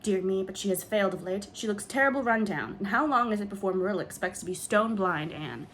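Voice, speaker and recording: A woman's voice: mid-range voice, expressive, fast, a bit bright, slight background noise, lightly acted. A woman reading an audiobook, voicing a grim, pessimistic woman of fifty-seven who talks with scorn. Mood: sour. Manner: scornful, grumbling.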